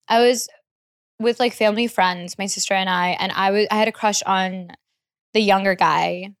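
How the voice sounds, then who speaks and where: A woman's voice: medium pitch, normal speed, clean tone, dry recording, studio quality. A young woman, a guest musician, telling stories in a casual podcast chat, swearing freely and laughing. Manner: animated, swearing, laughing storyteller.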